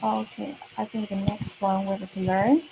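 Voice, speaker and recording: A woman with a Chinese accent teaching Mandarin to children in a slow, patient online lesson, repeating words and filling gaps with okay and right. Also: medium pitch, level tone, creaky, warm tone, slight background noise, rough recording.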